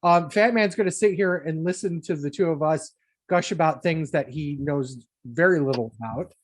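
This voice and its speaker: A woman's voice: low voice, normal speed. A woman co-hosting a casual wrestling podcast, wry and sarcastic, swearing freely. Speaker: podcast co-host. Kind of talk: casual profane podcast chat.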